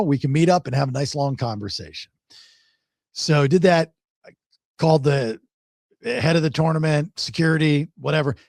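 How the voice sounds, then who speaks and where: Gravelly man telling a story. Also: fairly high pitch, no echo, studio quality. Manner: rambling, repeats words, animated when quoting others. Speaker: podcast host. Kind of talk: casual storytelling chat.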